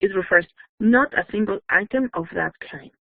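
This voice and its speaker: A woman's voice: medium pitch, normal speed, creaky, no echo. A woman teaching an online grammar lesson. She checks in often with "yes?" and "okay?", and she is patient with her students. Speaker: English teacher. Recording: dry, phone-like narrow sound.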